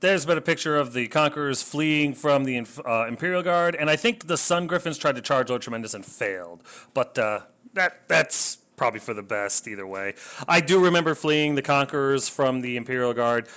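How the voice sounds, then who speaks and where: A man's voice: mid-range voice, normal speed, fairly bright tone. A man casually narrating a tabletop wargame battle report, rambling, self-deprecating and swearing when things go wrong.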